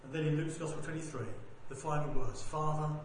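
A man preaching a sermon, swinging between loud proclaiming and quiet, low asides. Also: fast, heavy reverb, a little hiss or hum.

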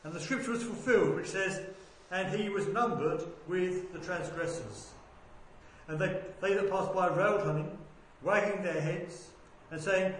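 A man reading a Bible passage aloud in a measured, deliberate way, lifting his voice for quoted speech. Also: high voice. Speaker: scripture reader. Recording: very echoey room with faint background noise.

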